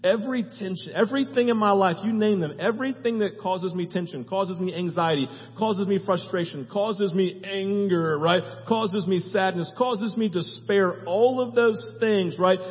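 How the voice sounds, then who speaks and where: A man with a high voice preaching a sermon, stacking long repeated lists and checking in with "right?". His voice rings with a long hall reverb and sounds dull and muffled. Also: moderate pace, few pauses. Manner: emphatic, repeats lists, tags phrases with "right?". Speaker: pastor.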